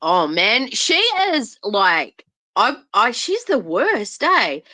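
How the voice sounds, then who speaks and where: A woman's voice: medium pitch, sing-song, slow pace, pushed and bright, dry recording. Chatty female stream host; mocking, laughing, dry close mic. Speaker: livestream host. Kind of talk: casual gossip chat on a livestream.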